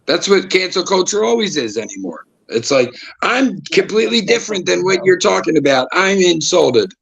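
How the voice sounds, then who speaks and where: A man's voice: high-pitched, big pitch swings, normal speed, gravelly, husky, lo-fi sound. A man hosting a live-streamed panel talk, speaking bluntly and swearing freely. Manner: blunt, swears freely, acts out quotes loudly. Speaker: livestream panel host. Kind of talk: casual chat.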